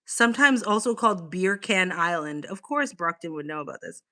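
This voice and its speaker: A woman hosting a casual livestream, chatting to her viewers in an excitable way and swearing freely. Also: fairly low pitch, normal speed. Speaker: livestream host.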